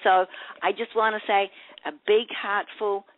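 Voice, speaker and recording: A woman's voice: medium pitch, little pitch movement, a little slow, a little hiss or hum. An older woman whose voice is giving out speaks with heartfelt, emotional gratitude. She is a guest on a radio show. She is heard through a narrow, phone-like line. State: losing her voice. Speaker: guest, widow of the honoree.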